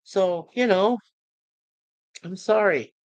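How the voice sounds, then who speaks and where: A middle-aged man hosting his channel, talking to viewers in a halting, emotional way with many restarts and repeated words. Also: sits high, no room sound, rough recording. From United States. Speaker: YouTube channel host. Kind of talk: emotional personal talk to viewers.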